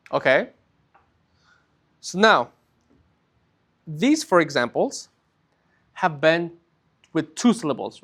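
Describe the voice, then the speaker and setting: In a recorded language lesson, a Spanish teacher with a fairly high-pitched, slightly bright voice explains things patiently one step at a time. He often slows down to draw out key words and checks that his students are keeping up.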